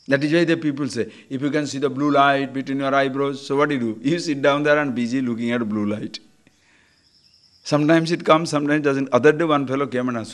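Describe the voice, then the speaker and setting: Animated older man lecturing. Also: mid-range voice, brisk. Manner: animated, teasing, acts out little scenes. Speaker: spiritual teacher. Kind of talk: spiritual lecture.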